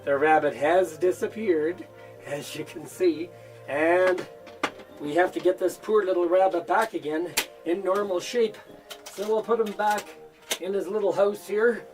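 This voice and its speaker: A man teaching a children's magic routine as a demonstration. He is animated and playful, with frequent mock-surprised "oh, oh" and "uh-oh" exclamations, and talks as if to children. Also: high voice, a little slow, distant mic, over music.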